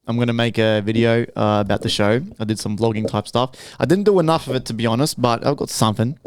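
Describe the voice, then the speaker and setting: A man's voice: mid-range voice, quick pace, clear, resonant tone. A young man co-hosting a podcast, telling rambling, profane stories and acting out other people's lines in a casual chat. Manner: swearing storyteller, acts out quotes with voices. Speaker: podcast co-host.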